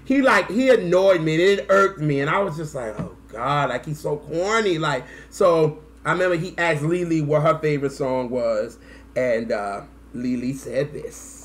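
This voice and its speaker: Excitable slangy male fan vlogger. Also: fairly high pitch, moderate pace. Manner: excitable and slangy, with bursts of whoops and laughter. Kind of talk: casual fan commentary.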